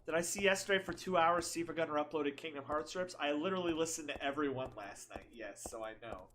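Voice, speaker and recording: A woman's voice: sits low, fast talker, a bit bright, slight background noise. A woman streamer giving casual, jokey and sarcastic commentary while playing a game. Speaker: gaming streamer. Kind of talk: casual let's play commentary.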